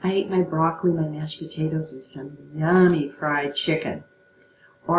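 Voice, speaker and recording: A woman's voice: low-pitched, expressive, normal speed, roomy sound, a little hiss or hum, poor audio. A middle-aged woman teaching a writing lesson, patient and checking in often with her students. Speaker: English teacher.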